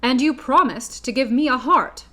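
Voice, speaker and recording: A woman reading a storybook aloud voices a male man of tin who wants a heart, speaking loud and indignant. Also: sits high, moderate pace, voice pushed up.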